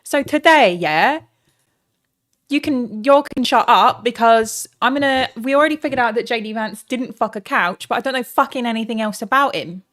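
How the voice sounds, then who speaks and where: A woman's voice: a little high, normal speed, fairly bright tone, close to an everyday voice. A woman streamer putting on a chipper, bossy English woman presenter voice.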